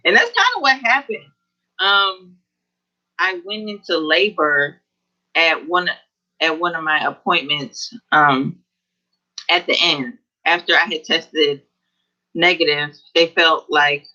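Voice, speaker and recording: A woman guest on an online interview, talking in an earnest, halting way about her experience. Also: low voice, animated, bright, forceful tone. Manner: earnest, halting with frequent pauses. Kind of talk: personal testimony in an online interview. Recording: dull lo-fi video call audio.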